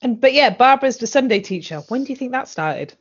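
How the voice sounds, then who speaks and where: A woman's voice: a little high, animated, fast, breathy edge. Blunt, sweary woman. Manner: blunt, sweary, laughs often, acts out quotes. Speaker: podcast co-host recapping a TV drama. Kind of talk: casual chat. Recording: dull lo-fi audio.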